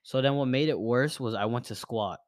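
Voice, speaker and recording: A man's voice: mid-range voice, fairly quick, dry recording, clean studio sound. A young man hosting a podcast, telling a story in casual chat with plenty of slang and swearing. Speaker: podcast host.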